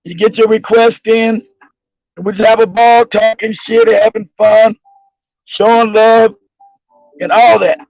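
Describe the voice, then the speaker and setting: Male host, profane, mocking storyteller; gravelly and dry, lo-fi sound. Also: high-pitched, fairly even intonation, measured pace, pauses often, darkish tone, no room sound. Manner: profane, laughs often, mocking. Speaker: livestream show host. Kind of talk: casual comedic storytelling. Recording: dull lo-fi recording.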